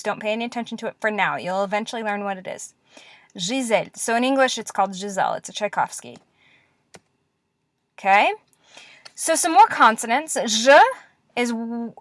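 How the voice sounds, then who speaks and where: A woman teaching Russian letters in a classroom-style lesson, patient and encouraging, repeating words slowly. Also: a little high, fairly bright tone, dry recording, studio quality.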